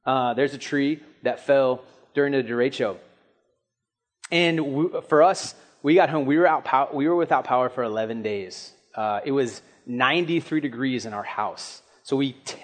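A young man preaching a sermon in a casual, storytelling way, acting out quick asides and questions. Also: mid-range voice. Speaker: pastor.

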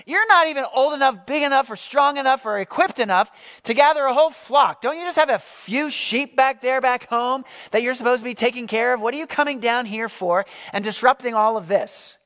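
A man's voice: very high voice, a little fast, fairly bright tone, long reverb tail, pitched above the performer's own voice. A preacher voicing an angry older brother who mocks and scolds his younger sibling. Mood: scolding. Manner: mocking, scolding. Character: scornful older brother, furious young man in his thirties.

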